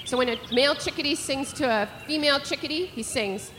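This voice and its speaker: A middle-aged woman leading a live audience through bird calls, explaining and imitating them with animated energy. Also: high-pitched, brisk. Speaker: bird call teacher. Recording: hall reverb, faint noise.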